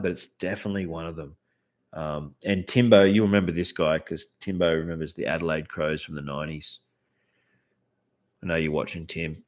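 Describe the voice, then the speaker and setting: A man in his thirties with an Australian accent, chatting casually to camera about his cards, laid-back and swearing freely. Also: low-pitched. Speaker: card collector and channel host.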